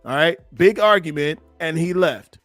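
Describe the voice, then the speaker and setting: Reacting to video clips on a live stream, a male relationship coach and host stays animated and keeps repeating his pleas for likes. He speaks on the high side at a normal speed, with no echo and faint music in the background.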